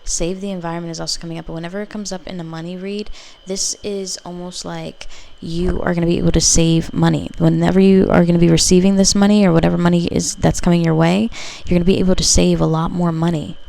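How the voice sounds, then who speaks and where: A woman's voice: on the low side, little pitch movement, fast, gravelly, hardly any pauses, warm tone. A woman giving a casual pick-a-card tarot reading, rambling intuitively with lots of filler words. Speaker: tarot reader.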